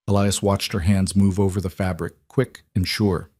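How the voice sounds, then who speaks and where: A man narrating a scripted western story in an even, measured way. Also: low voice, no echo, studio quality.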